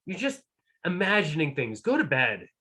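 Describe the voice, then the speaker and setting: A man voicing two dim, squabbling giants in a folk tale, shouting in high whiny voices. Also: wildly swooping pitch, moderate pace, slightly rough, heavily acted.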